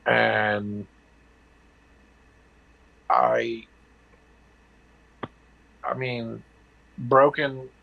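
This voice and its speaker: A man's voice: medium pitch, fairly even intonation, vocal fry, muffled recording. A man candidly telling a personal story, blunt and profane, acting out the dialogue and restarting his sentences. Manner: halting with restarts and fillers.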